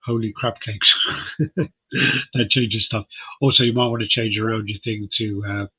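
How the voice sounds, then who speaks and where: A man's voice: fairly low pitch, little pitch movement, moderate pace, breathy edge, phone-quality sound. An American man co-hosting a podcast in casual chat, laughing often as he reads out details. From United States. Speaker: podcast co-host.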